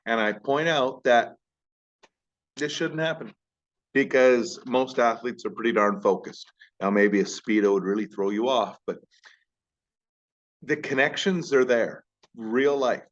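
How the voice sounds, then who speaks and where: A man who teaches high school, talking casually to camera in a rambling, self-deprecating way. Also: unhurried, highs cut off. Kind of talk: casual vlog talk.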